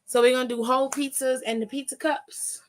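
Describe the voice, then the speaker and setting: A woman whose voice sits high talks briskly in a steady tone. She's the host of a casual aftershow recapping wrestling, and her stories come out loose, profane and gossipy.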